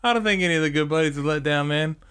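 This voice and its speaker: Male co-host, bright tone, easygoing banter. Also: on the high side, very fast, smooth. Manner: joking, laid-back sidekick chiming in. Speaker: podcast co-host. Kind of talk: casual podcast banter.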